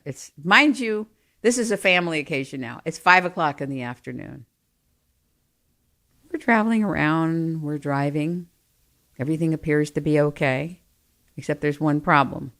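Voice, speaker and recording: A middle-aged woman telling family stories in an animated, self-mocking way, swinging from quiet asides to loud bursts. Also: lowish voice. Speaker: storyteller. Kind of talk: personal storytelling.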